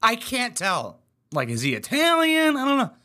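A man's voice: very high-pitched, wildly swooping pitch, moderate pace, bright, forceful tone. A young man hosting a reaction commentary, crude, sarcastic and mocking as he talks over clips. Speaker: commentary host.

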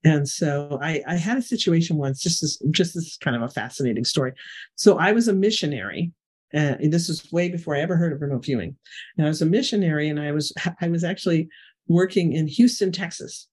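A middle-aged woman, a guest in an interview, telling a personal story in an animated conversational way. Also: deep voice, brisk, breathy edge. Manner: animated storyteller, frequent "you know" fillers. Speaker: guest, remote viewing expert.

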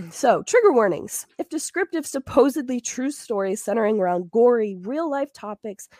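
A woman co-hosting a casual podcast, hoarse-voiced, animated and swearing freely. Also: a little high, normal speed, no echo. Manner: animated, swearing, laughing a lot. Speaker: podcast co-host.

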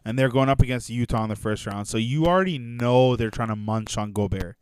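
A young man talks basketball in a loose, animated way, tossing in laughs and fillers as he goes. His voice is smooth and clear at a middle pitch. The sound is dry and close, with no room around it. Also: brisk, dry recording. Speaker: podcast co-host. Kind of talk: casual sports chat.

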